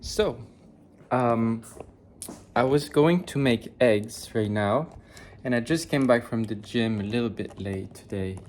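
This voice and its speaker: Speaking slowly in a medium-pitched, darkish voice, this vlogger makes breakfast in his home kitchen while a tripod-mounted camera records. He talks to viewers in a chatty, rambling way full of fillers, thinking out loud and fixing his own words as he goes.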